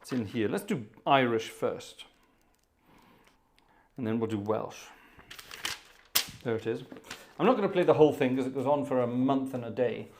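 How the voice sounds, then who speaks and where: A man's voice: mid-range voice, normal speed, long pauses, a little mellow, a little hiss or hum. A man hosting a live organ music stream, chatting casually between pieces in a jovial, rambling way with chuckling asides, in a hot indoor room. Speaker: organist and livestream host.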